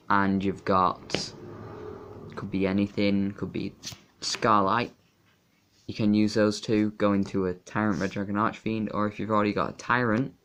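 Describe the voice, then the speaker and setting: A young man casually talking through a card game deck, rambling and halting with fillers and restarts. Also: on the low side, fairly bright tone. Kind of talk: casual deck profile talk.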